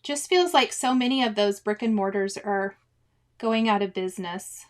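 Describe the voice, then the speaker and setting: A woman's voice: medium pitch, moderate pace. A woman in her forties hosting a cross-stitch livestream, chatting casually and reading viewers' comments with frequent laughs and exclamations.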